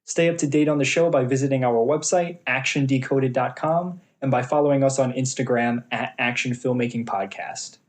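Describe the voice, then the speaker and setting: A man reading a scripted podcast outro in an even, promotional way. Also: medium pitch, normal speed, few pauses. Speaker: podcast announcer.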